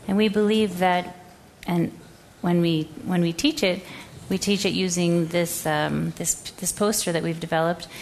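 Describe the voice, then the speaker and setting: A woman's voice: on the low side, steady tone, unhurried, few pauses, a little hiss or hum. A woman educator giving a presentation, telling a classroom story and acting out the quoted voices. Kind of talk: presentation talk.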